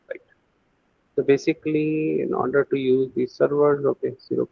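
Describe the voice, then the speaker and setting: A man's voice: medium pitch, little pitch movement, normal speed, creaky, breathy edge, no room sound, dull audio. A man teaching a screen-share coding lesson, thinking aloud with many fillers and restarts. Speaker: AI course instructor.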